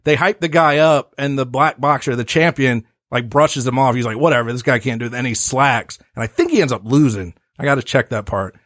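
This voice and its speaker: A man's voice: mid-range voice, brisk, few pauses, a bit bright, dry recording, studio quality. A man co-hosting a comedy podcast game, explaining things in a loose, rambling way and laughing often. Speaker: podcast co-host, contestant. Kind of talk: casual comedy podcast chat.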